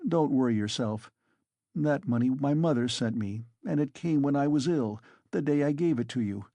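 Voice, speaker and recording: Brief: tormented bitter young student, gravelly pleading voice read by a man. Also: mid-range voice, moderate pace, warm tone, no echo, clean studio sound, voice pushed up, lightly acted. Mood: brooding. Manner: anguished pleading. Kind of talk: audiobook character reading.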